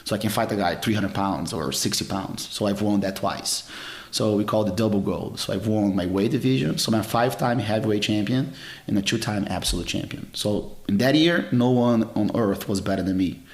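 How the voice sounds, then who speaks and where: A man in his forties tells stories from his fighting life in a fairly low voice, earnest and expressive. His English has non-native phrasing. The room is roomy and echoey. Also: brisk. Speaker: jiu-jitsu champion and guest. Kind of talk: casual storytelling interview. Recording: roomy echo.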